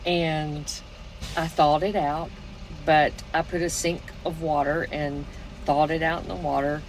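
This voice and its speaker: A woman chatting casually, her voice low and her pace slow and unhurried. She tells stories at length and laughs often. A faint background hum sits under her voice. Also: level tone, low-quality recording. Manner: unhurried storytelling, frequent laughter. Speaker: snare maker. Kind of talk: casual chat.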